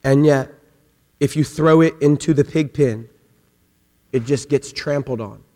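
A man preaching a sermon as a pastor, animated and humorous, acting out little voices to make his point. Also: mid-range voice, measured pace. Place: church sanctuary. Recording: long hall reverb.

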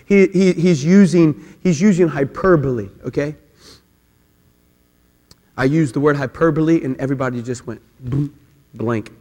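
A male pastor with a high voice delivers a sermon in a large church hall, and long reverb trails each phrase. He shifts between relaxed, conversational asides and loud, stretched-out emphasis, and he repeats key words to drive them home. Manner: swings from quiet chatty asides to shouted, drawn-out emphasis.

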